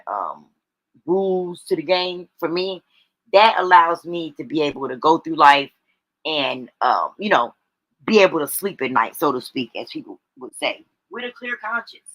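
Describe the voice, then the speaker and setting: Bright-voiced chatty woman livestreamer. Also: low-pitched, lively intonation, measured pace, no echo. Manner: chatty, folksy, keeps checking in with "right?" and "y'all". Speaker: livestream host. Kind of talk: casual motivational live stream. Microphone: streaming setup microphone.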